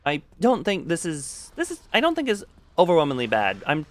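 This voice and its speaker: A game streamer chatting casually with viewers while playing, laughing often and playing around with the pitch of their voice. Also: wildly swooping pitch, a little fast, no echo. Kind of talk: casual livestream chat while gaming.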